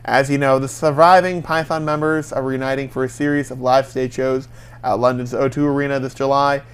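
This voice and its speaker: Smooth-voiced man reading news. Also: mid-range voice, flat delivery, brisk. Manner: reads headlines aloud, stumbles through mental math. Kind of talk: casual entertainment news chat.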